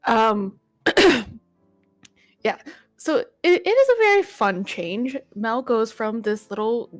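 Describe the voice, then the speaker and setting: A woman's voice: on the high side, expressive, slow, faint music behind. Playful woman tabletop player. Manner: playful, swears casually. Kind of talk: casual tabletop role-play.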